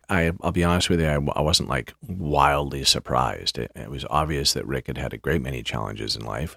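A man hosting a podcast, telling a story casually in a halting way, often repeating words, with dry understatement. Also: rumbling low, gravelly, fairly bright tone, dry recording. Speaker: podcast host.

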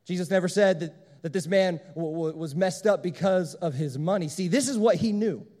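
A man's voice: sits high, moderate pace, darkish tone. A man preaching a sermon as pastor, emphatic and repeating his key phrases. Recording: long hall reverb.

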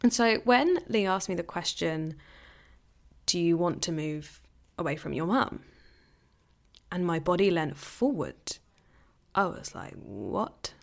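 A woman's voice: lowish voice, lively intonation, unhurried, pauses often. Chatty, candid woman podcaster, laughing often. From England. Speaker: podcast host. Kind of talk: casual personal podcast monologue.

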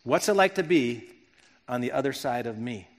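A man's voice: medium pitch, lively intonation, normal speed. A middle-aged man from Wisconsin preaching a sermon, earnest and reflective, often restarting his phrases. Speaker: pastor. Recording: long hall reverb.

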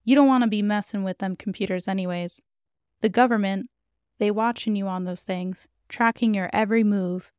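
A woman voicing a blunt, suspicious, outspoken middle-aged neighbor who talks in a sharp, preachy way. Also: mid-range voice, steady tone, normal speed, smooth, no echo, studio quality, natural voice.

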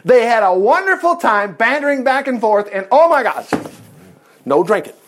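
A man preaching and retelling a Bible story in a playful, animated way, laughing often and acting out the characters' lines. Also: extremely high pitch, moderate pace, slight background noise. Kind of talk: sermon-style Bible storytelling.

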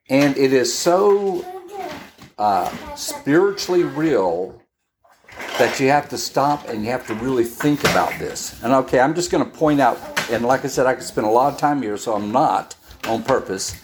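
Very low-voiced woman teaching scripture. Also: noisy background. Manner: checks in often with "all right?"; unhurried, with pauses and restarts. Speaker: Bible teacher. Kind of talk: conversational Bible-study sermon.

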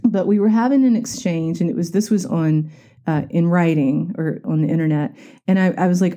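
A woman's voice: lowish voice, a little fast, dark tone. A middle-aged woman, a coach talking candidly and reflectively in a podcast monologue. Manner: reflective and openly confiding. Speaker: life coach and podcast host.

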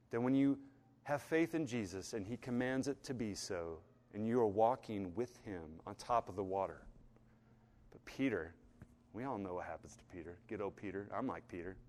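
A man preaching a sermon, telling the story and acting out the voices in it, going from hushed and low to loud and fervent. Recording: long hall reverb.

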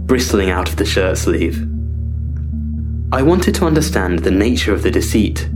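Male narrator, low voice, deadpan, wry first-person story, guitar music behind.

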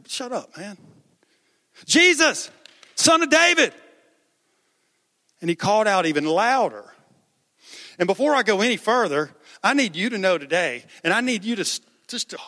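A man's voice: high voice, a bit bright, long reverb tail. A man preaching a sermon as pastor, conversational, raising his voice for quoted cries.

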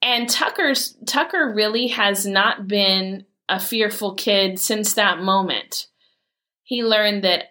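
A woman, telling heartfelt family stories in an earnest, animated way as a mother. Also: mid-range voice, slow. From Michigan, USA. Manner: earnest, heartfelt, animated retelling with quoted dialogue. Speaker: mother sharing a personal story. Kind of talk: personal storytelling talk.

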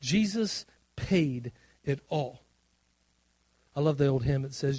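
A male pastor preaching a sermon, swinging between loud drawn-out emphasis and quiet asides. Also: medium pitch, animated, no echo.

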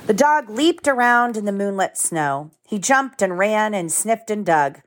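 A woman's voice: fairly low pitch, sing-song, normal speed, hardly any pauses, a little hiss or hum. A woman in her thirties reading a picture book aloud to her children at home, stopping to explain the story in plain words.

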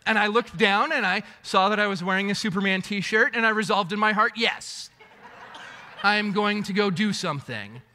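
A man preaching a sermon as pastor, telling a story with animated swings between loud bursts and hushed asides. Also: high voice, normal speed. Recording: echoey hall reverb.

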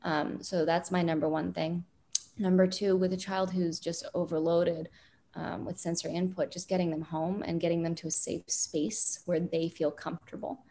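A woman parenting expert calmly explaining advice in an interview, with many fillers. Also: lowish voice. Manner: calm, deliberate, frequent fillers.

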